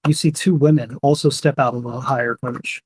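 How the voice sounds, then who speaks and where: A man's voice: medium pitch, steady tone, brisk, a little mellow, breathy edge. A young man running a tabletop game as game master, narrating casually with fillers.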